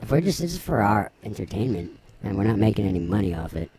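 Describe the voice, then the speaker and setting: A man's voice: on the low side, big pitch swings, fast talker, a loud crowd. A man hosting a podcast, bantering in a playful, goofy way. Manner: playful, goofy, laughing at own jokes. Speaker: podcast host. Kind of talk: joking casual banter.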